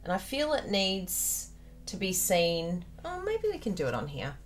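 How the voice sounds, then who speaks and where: Low-pitched yet wildly swooping, this Australian woman's voice moves at a measured pace over slight background noise. She's bubbly and chatty, hosting a live card-making tutorial straight to viewers on a plugged-in desk microphone.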